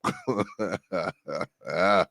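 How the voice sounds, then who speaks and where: A man's voice: low-pitched, animated, drawn-out words, vocal fry, a bit bright, no echo, studio quality. A man hosting a casual livestream, greeting viewers by name with a profane, laughing, loose manner. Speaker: livestream host.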